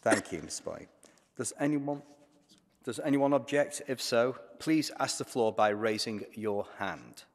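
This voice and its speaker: A man's voice: medium pitch, unhurried. A man chairing a parliamentary assembly session in a formal, procedural manner. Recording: long reverb of a large assembly chamber.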